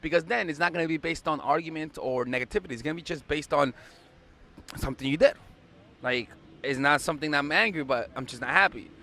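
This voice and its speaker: A man's voice: on the high side, fast, gravelly, bright, forceful tone. A young man giving casual dating advice, blunt and profane, repeating himself for emphasis. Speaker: dating coach.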